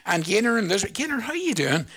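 Northern Irish male radio host, high gravelly voice, chatty shout-out patter. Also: very animated, fast talker. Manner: chatty, rambling patter full of greetings. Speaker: radio presenter. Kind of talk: live radio chat with listener shout-outs.

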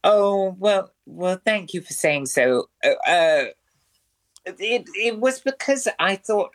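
A man's voice: high-pitched, lively intonation, takes it slowly. Theatrical man with ornate speech. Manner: florid, theatrical speech full of ornate words. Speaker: comedian and performer as guest. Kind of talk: radio interview.

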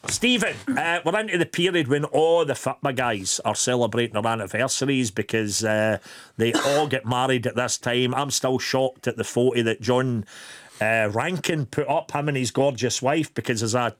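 A man's voice: mid-range voice, moderate pace. A middle-aged man with a Scottish accent, co-hosting a radio show in casual, storytelling banter that is full of laughs. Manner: chatty, storytelling, laughs often. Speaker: radio co-host.

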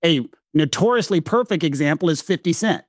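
A man with a Southern American accent explains legal ideas in a casual talk-show conversation, leaning hard on key words and stretching them out for emphasis. His voice sits a little high for a man. The recording is close and dry, with almost no room sound. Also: lively intonation, dry recording. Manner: emphatic, slows down to stress key points. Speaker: legal podcast co-host.

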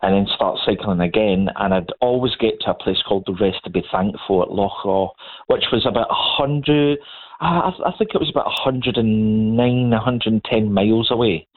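A middle-aged Scottish man with a Scottish accent, appearing as a guest, tells stories in a relaxed, chatty way and laughs as he goes. His voice is on the low side at a normal speed, and the recording sounds like a tinny phone line.

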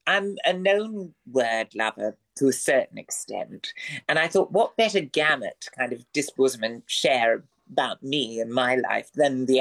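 A man's voice: a little high, fairly bright tone. A man, a guest on a radio interview, who talks in a florid, wordy, theatrical way. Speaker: guest performer.

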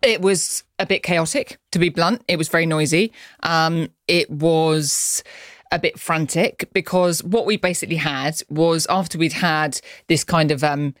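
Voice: mid-range voice, a little slow, no room sound. Frank news correspondent, dry studio sound. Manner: frank, lively recounting with fillers. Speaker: political correspondent. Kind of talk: conversational news podcast.

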